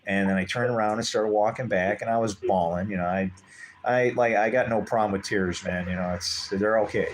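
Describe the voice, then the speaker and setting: A man telling a personal story in casual conversation, rambling and animated, acting out what others said. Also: lowish voice, brisk, slight background noise. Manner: rambling, animated, acts out quoted voices. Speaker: guest telling his story.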